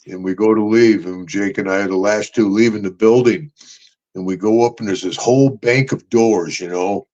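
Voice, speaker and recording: A man's voice: on the low side, steady tone, normal speed, darkish tone, muffled recording. An older man hosting a podcast, rambling through stories with laughs and calling people brother and man. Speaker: podcast host. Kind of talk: casual storytelling chat.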